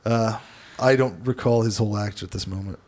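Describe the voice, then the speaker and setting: Relaxed man swearing in casual chat. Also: lowish voice, brisk, slight background noise. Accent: American Midwestern. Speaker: co-host.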